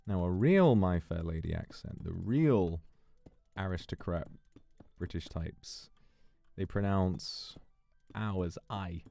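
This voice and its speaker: Male streamer, very low gravelly voice, laid-back musing chat, faint background music. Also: takes it slowly. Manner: relaxed, musing, reads out donations. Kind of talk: casual livestream chat.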